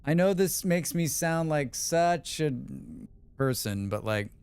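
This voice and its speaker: A man's voice: a little high, expressive, slow pace, a little mellow, clean tone. A man streaming a game, chatting casually and answering chat with rambling, opinionated remarks. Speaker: livestream gamer. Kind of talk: casual livestream chat reading chat.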